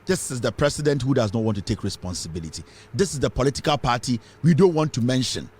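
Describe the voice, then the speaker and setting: A man's voice: medium pitch, expressive, fast, a little mellow, slightly rough. A Ghanaian man giving heated, impassioned political commentary, switching between English and Twi.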